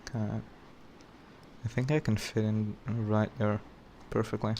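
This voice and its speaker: A man with a lowish voice gives live gameplay commentary while flying a flight sim, excitable and chatty with his viewers. Engine and game noise run clearly behind him on the stream. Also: measured pace. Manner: excitable, talks to chat.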